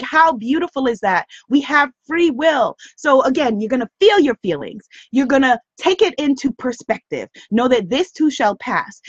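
A woman hosting a motivational live stream, speaking in an animated, emphatic way and repeating phrases for stress. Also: high voice, husky, dry recording. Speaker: host of a live broadcast. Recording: dull lo-fi dry stream audio.

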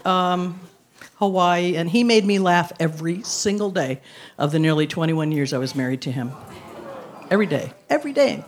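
A woman's voice: fairly low pitch, a bit bright. A woman in her sixties tells a personal story on stage before an audience, wry and self-mocking, laughing through her lines.

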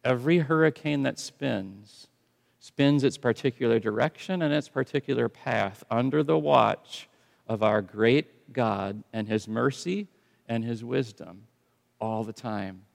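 A man preaching a sermon as pastor, swinging from hushed, slow lines to loud, emphatic ones. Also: mid-range voice, creaky, big-room sound.

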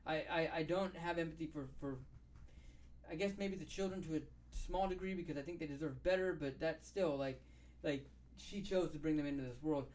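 A man's voice: fairly high pitch, brisk, darkish tone. Blunt, cussing podcast guy. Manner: blunt, profane, repeats himself. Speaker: podcast co-host. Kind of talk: casual chat.

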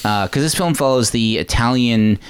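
A man's voice: mid-range voice, moderate pace, clean tone, dry recording, studio quality. A man co-hosting a movie podcast, tossing in wry, jokey asides and trivia. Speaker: podcast co-host. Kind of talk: casual movie podcast banter.

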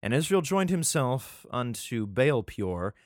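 A man's voice: medium pitch, very animated, slow, dry recording, studio quality. A male podcast host reads scripture aloud. He stumbles over words and breaks off for profane, irreverent asides. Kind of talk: casual scripture reading with commentary.

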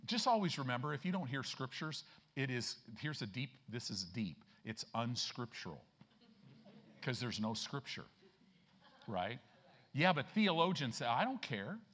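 A man's voice: big pitch swings, a bit bright. Emphatic folksy male pastor preaching. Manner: folksy, emphatic preaching with frequent "right?" checks; slows and rises in pitch and volume to stress scripture. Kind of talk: sermon. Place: church.

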